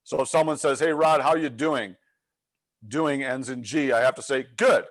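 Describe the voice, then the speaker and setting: A man's voice: mid-range voice, normal speed. A middle-aged man, a leadership coach, telling a story with energy in a webinar and acting out the voices in it. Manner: animated storyteller, acts out quotes.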